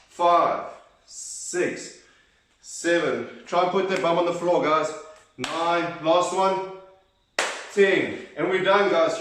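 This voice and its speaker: A man with a fairly bright, higher voice leads a kids' exercise class, cheerfully encouraging them and counting reps aloud, at times out of breath. He sounds distant in a very echoey room, with a little hiss or hum.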